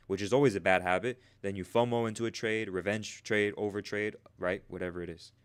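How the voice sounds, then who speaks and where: A man's voice: on the low side, a little fast, few pauses, a bit bright, clean tone. A man coaching live on a stream in a casual, slangy way, ending nearly every sentence with "right?" and talking back to the chat. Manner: slangy and talkative, answers chat. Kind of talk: casual livestream teaching.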